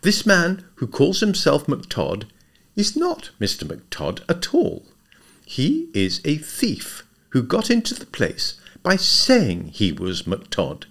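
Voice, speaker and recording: A man voicing a brisk, impatient young woman who speaks firmly. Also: medium pitch, wildly swooping pitch, voice pushed up. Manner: impatient, firm.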